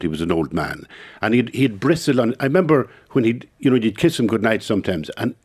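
An Irish man speaking as an interview guest in a studio, thoughtful and halting, often repeating words as he reflects. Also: mid-range voice, a little mellow. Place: radio studio.

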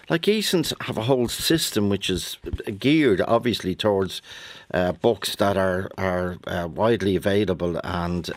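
Enthusiastic Dublin-accented radio host, low voice. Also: male voice, moderate pace, no room sound. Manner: enthusiastic, lavish with praise. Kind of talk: radio talk show chat.

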